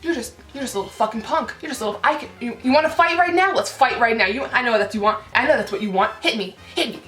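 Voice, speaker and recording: An angry bus rider in his sixties, acted out by a woman retelling the scene, yells threats and taunts. The voice climbs high and loud as it goes off. It sits in a roomy echo with faint music underneath. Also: quick pace, natural voice. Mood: taunting.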